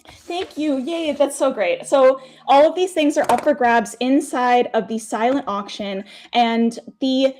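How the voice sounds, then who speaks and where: A woman's voice: high voice, a little slow, darkish tone, faint music behind. A woman hosting a charity stream as game master, announcing donation incentives in an upbeat, grateful, chatty way.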